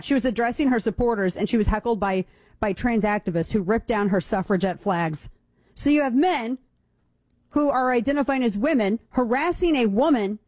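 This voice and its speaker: A woman's voice: on the high side, darkish tone, no echo. A woman hosting a talk radio show, giving a blunt, sarcastic and indignant opinion monologue into a studio microphone.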